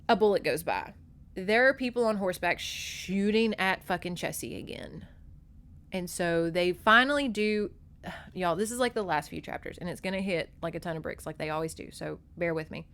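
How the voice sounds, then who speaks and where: A woman's voice: fairly low pitch, moderate pace, fairly bright tone. A young adult woman hosting a podcast, recapping a novel in a chatty, gushing way, swearing freely, close on a microphone. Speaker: podcast host. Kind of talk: casual book recap.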